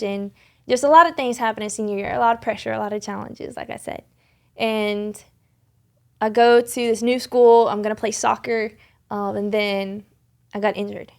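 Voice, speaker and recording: Her voice is on the high side, gravelly and a little mellow, as this young podcast guest earnestly tells a faith story in conversation. She rambles in the studio, restarting often and leaning on fillers.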